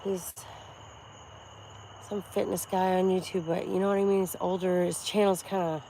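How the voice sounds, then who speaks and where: A woman's voice: on the low side, little pitch movement, normal speed, creaky, dark tone, slight background noise. A woman in her forties, out of breath, vlogging casually while working out, brash, profane and boastful. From Florida.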